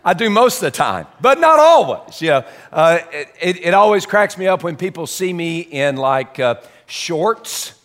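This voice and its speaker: A man's voice: on the high side, moderate pace, few pauses, fairly bright tone. Chatty male pastor in a reverberant hall. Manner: folksy, chatty, self-deprecating asides. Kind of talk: conversational sermon. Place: church sanctuary.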